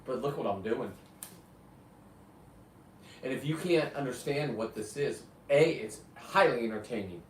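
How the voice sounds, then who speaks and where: A man's voice: medium pitch, expressive, a little slow, pauses often, slight background noise. A man in his fifties hosting a live show, talking bluntly in a rambling, profane way. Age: 50s. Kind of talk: rambling live-stream chat. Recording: roomy, distant mic, faint ambience.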